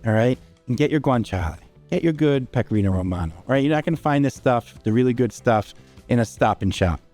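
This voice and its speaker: Male home-cook host, relaxed conversational delivery with "all right?" asides, mid-pitched voice, soft background music. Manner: chatty, informal, with frequent "all right?" asides. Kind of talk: casual cooking demonstration. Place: home kitchen.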